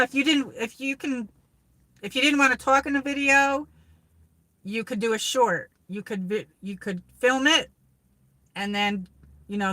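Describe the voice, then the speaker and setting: A rambling woman with a New York accent chats casually on her livestream, reading out viewer comments as she goes. Her voice is bright and forward, and the sound is close and dry with no room around it. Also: mid-range voice, no echo. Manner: rambling, chatty, reads viewer comments aloud. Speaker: livestream host. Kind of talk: casual live chat with viewers. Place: car on a drive.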